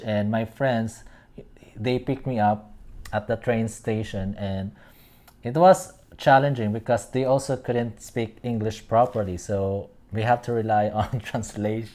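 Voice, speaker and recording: A man's voice: lowish voice, a little mellow. A man hosting a casual fan commentary show, reading out posts and rambling, often stopping to search for words. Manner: meandering, searching for words aloud. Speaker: host.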